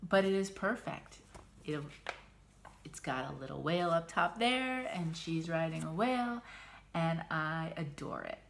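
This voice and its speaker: A middle-aged woman from the United States talks casually in a slightly low voice. She gushes, gets emotional and trails off into restarts as she shows off her craft supplies. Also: expressive, measured pace, gravelly, a little hiss or hum. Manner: chatty, gushing, emotional. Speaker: cross-stitch vlogger. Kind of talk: casual chat.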